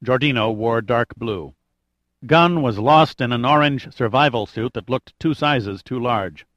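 A man narrating an adventure audiobook in a steady, measured way with light drama. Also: mid-range voice, no echo, highs cut off. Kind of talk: scripted narration.

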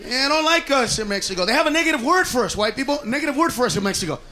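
An American male stand-up comedian riffing loudly and profanely at his audience in a comedy club. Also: extremely high pitch, lively intonation, racing. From United States. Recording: loud crowd laughter and noise, live club.

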